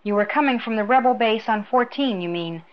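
A woman's voice: mid-range voice, moderate pace, lightly acted. Shrewd, smug old woman, voiced by a female reader; sly and mocking; muffled lo-fi audio. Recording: dull lo-fi recording.

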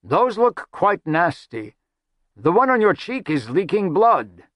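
A man's voice: high voice, sing-song, slow, a bit bright, no echo, voice pushed up, full character voice. A haughty, bored prince, as a man puts him on, drawls with languid disdain in a storybook reading. The voice sits somewhat above the reader's own. It is recorded close and dry. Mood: disdainful.

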